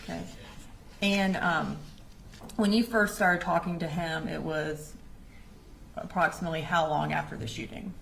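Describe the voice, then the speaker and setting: A woman lawyer questioning a witness in court in a measured, prompting way. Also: fairly low pitch, fairly even intonation, creaky, a little hiss or hum. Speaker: prosecutor.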